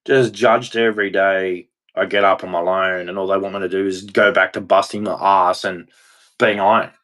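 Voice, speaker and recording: A man ranting on his own, heated and profane, turning preachy at times and swinging between shouting and muttering. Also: low voice, steady tone, moderate pace. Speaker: vlogger. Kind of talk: angry solo rant.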